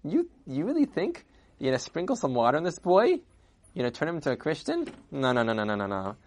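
A man voicing a calm, kindly older bishop in a told story, speaking softly and in a measured way. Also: on the high side. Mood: calm, knowing.

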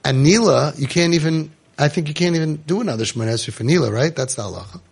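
Man, rabbi, husky voice, slightly high, lively storytelling class. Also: fast. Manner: animated storyteller, Yiddish-laced, rhetorical questions. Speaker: rabbi giving a Torah talk.

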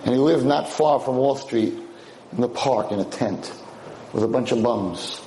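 A man's voice: medium pitch, normal speed, mellow, echoey room, a little hiss or hum. A man giving a lecture to a class of girls, telling a dramatic story and acting out its characters.

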